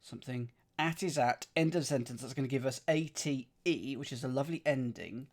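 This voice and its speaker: A man's voice: medium pitch, brisk, darkish tone. A man streaming as he solves a crossword, thinking aloud, questioning himself and chatting with his live chat. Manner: muses and questions himself aloud, with frequent fillers and self-corrections.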